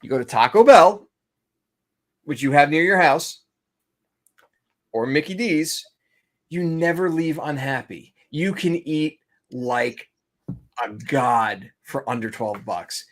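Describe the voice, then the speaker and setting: A man's voice: fairly high pitch, takes it slowly, long pauses. A young man co-hosting a casual podcast, ranting in a rambling, profane way. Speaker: podcast co-host. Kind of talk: casual banter.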